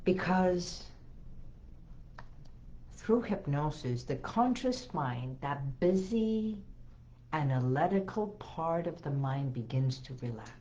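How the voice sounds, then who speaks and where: A hypnotherapist woman giving an inspirational talk to camera, speaking slowly and soothingly with gentle emphasis and repetition. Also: deep voice, animated, muffled recording. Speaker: hypnotherapist and healing coach.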